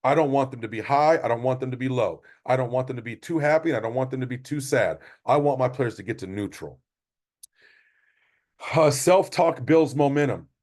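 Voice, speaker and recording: Middle-aged male coach, mid-pitch voice, emphatic and repetitive motivational delivery. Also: fairly quick, darkish tone. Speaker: basketball coach. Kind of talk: parent training presentation.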